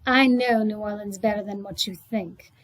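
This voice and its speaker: A woman's voice: medium pitch, steady tone, moderate pace, natural voice, low-quality recording. A woman reading aloud as a sneering, snapping landlady. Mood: scornful. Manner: loud, snapping, sneering drawl. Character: sharp-tongued scornful woman landlady, Irish. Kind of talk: read-aloud storybook.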